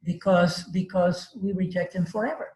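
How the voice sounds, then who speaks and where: A man's voice: high-pitched, fairly even intonation, normal speed, darkish tone. Emphatic male instructor in an echoey room. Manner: emphatic, repeats himself, laughs readily. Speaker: course instructor. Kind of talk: classroom discussion.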